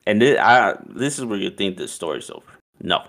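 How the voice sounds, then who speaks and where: A man's voice: on the low side, very animated, fairly quick, fairly bright tone. A young man casually telling a story, loose and profane, with "like" in nearly every line. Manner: loose and profane, heavy use of "like".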